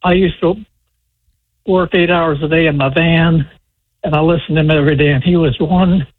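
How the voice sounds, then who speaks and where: A man in his seventies calling a radio show, speaking in a halting, rambling way. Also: fairly high pitch, fairly even intonation, dry recording. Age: 70s. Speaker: caller. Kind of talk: phone-in chat. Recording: muffled phone line.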